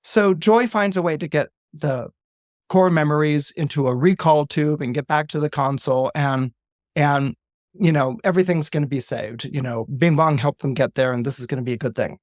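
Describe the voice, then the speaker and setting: A man, a guest astrologer on a podcast, retelling a film in casual, animated storytelling with laughs and restarts. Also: a little high, moderate pace, no echo, clean studio sound.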